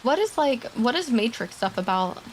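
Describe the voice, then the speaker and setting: A woman's voice: on the high side, big pitch swings, moderate pace, a little hiss or hum, rough recording. A woman streamer chatting casually with her viewers and reading spooky online stories aloud.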